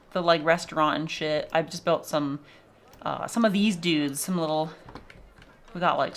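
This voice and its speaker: Laughing a lot and cursing casually, a young woman walks through her zoo game in a gameplay vlog. She has a low, fairly bright voice, and there is a little hiss or hum in the recording.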